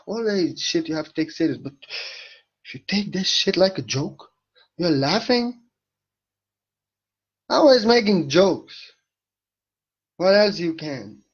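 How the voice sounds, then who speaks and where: A man's voice: high voice, expressive, slow, pauses often, slightly rough, muffled recording. A man giving a spiritual monologue in a playful, irreverent way, swearing casually.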